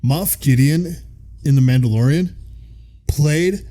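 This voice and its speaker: Midwest guy cohosting a podcast, laid back, kinda dark mellow tone, cusses a lot. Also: a little high, slow pace. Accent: American Midwestern. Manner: casual, laughs often, curses freely. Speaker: podcast co-host. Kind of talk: casual chat, reading episode summaries.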